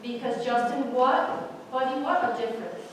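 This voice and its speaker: A woman's voice: a little high, normal speed. A woman in a church service speaking encouragingly to a family she has known for years. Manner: warm, encouraging, speaks with affection. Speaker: church member addressing the family. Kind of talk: heartfelt remarks in a church service. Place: large church sanctuary. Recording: echoey hall, distant mic, noise.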